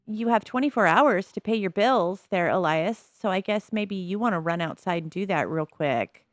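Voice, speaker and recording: A woman chatting casually as she plays a life-simulation game, musing aloud with soft laughs. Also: medium pitch, expressive, normal speed, hardly any pauses, no echo, soft background music. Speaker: gameplay commentator.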